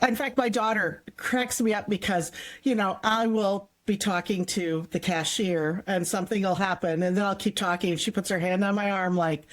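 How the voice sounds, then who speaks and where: A woman's voice: mid-range voice, normal speed. A woman co-hosting an interview, chatty and talkative. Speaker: co-host. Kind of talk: casual interview talk.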